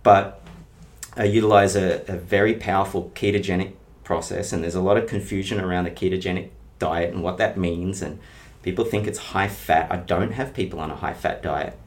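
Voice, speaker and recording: A man's voice: low voice, steady tone, brisk. A middle-aged man, a health coach explaining his methods with analogies and stories in a casual interview. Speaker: health and weight-loss coach.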